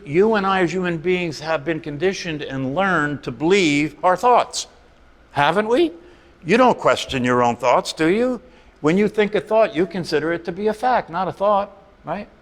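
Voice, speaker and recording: A middle-aged man teaching a meditation class in a conversational way, often tossing rhetorical questions to the listeners. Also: a little high. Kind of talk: meditation talk. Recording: long reverb of a hall.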